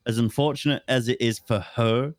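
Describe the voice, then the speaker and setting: A man's voice: mid-range voice, fairly even intonation, moderate pace, no room sound. A man playing a police officer in an online role-play, talking bluntly and casually, with easy swearing.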